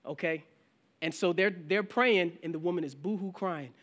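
High-pitched guy pastor giving a chatty sermon, lots of restarts, acts out what people ask him. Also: moderate pace, a bit bright. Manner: conversational preaching, acts out questions from listeners; frequent restarts and filler phrases.

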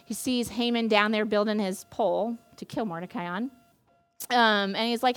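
A woman's voice: mid-range voice, steady tone, moderate pace, clean tone, faint music behind. A young woman giving a casual sermon, retelling a Bible story in a chatty, playful way with lots of fillers. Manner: chatty, playful, acts out quoted characters. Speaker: campus ministry staff speaker.

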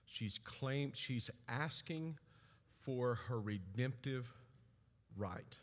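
A middle-aged man preaching a sermon, telling stories and acting out family voices with big swings in pitch. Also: lively intonation, drawn-out words, fairly bright tone. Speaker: pastor. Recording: long hall reverb.

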